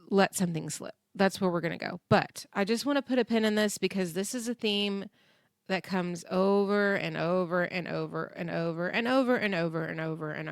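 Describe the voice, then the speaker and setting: A woman's voice: medium pitch, no room sound. Chatty woman doing a show recap, laughs a lot, acts out quotes, dry close mic. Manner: chatty, animated, laughs often, acts out quotes in different voices. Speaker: podcast host recapping a reality show. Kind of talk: casual chat.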